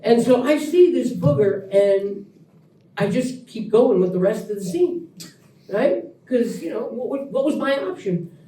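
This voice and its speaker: A man's voice: extremely high pitch, a little slow. Man telling a story in an echoey room. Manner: animated storyteller, laughs through lines, acts out quotes. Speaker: actor guest. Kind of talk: live Q&A storytelling. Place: event room with audience. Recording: echoey room, mic at a distance.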